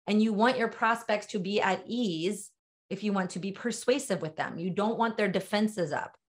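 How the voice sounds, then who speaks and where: Middle-aged woman teaching a sales writing webinar, emphatic and chatty, direct, mid pitch. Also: moderate pace. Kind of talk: webinar training talk.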